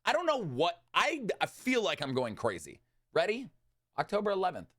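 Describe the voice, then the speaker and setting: A young man giving an agitated, animated rant about a video game, swinging between loud outbursts and muttered asides. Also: high voice, normal speed. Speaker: gaming commentator. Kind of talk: exasperated gaming rant.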